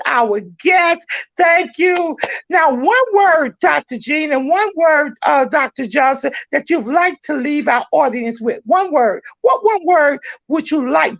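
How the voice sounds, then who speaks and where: A woman's voice: high-pitched, gravelly, no room sound, lo-fi sound. A woman host wrapping up a talk show, speaking emphatically and leading her guests in call-and-response chants like a preacher. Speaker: podcast host.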